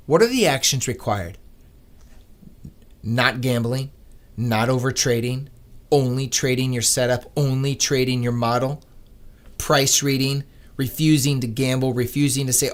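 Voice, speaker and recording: A man hosting a live trading stream, talking to viewers in an earnest, animated, motivational way. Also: medium pitch, moderate pace. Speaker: day-trading livestream host. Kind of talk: casual livestream talk.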